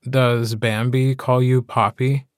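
A man's voice: mid-range voice, flat delivery, slow, no room sound, close to an everyday voice. Male narrator as an exasperated, squeamish young man; dry read.

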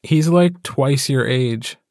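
A man's voice: medium pitch, takes it slowly, a little mellow, dry recording. Male narrator as a wry, mocking young man; dry audiobook sound.

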